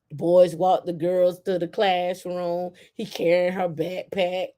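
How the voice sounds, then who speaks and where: A woman host in casual chat, telling stories in an animated way and acting out quotes. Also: on the low side, measured pace, hardly any pauses. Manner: animated storytelling with acted-out quotes.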